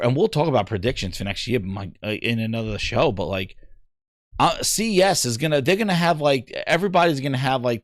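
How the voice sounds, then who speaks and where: A man hosting a gaming podcast, ranting in casual chat, animated and exasperated, rambling with frequent restarts. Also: medium pitch, dry recording, clean studio sound.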